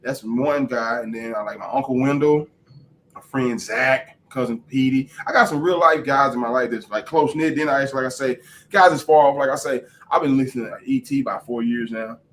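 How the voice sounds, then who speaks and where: A man's voice: mid-range voice, brisk, a little hiss or hum. A man who is a parent, speaking as a podcast guest, telling stories with emphasis and repeating phrases for effect. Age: adult parent. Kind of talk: casual interview talk.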